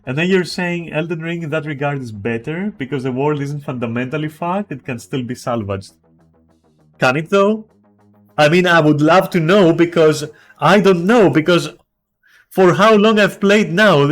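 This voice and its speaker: Animated, swearing male game streamer. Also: fairly high pitch. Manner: animated, swears a lot, restarts. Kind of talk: casual ranting chat on a stream.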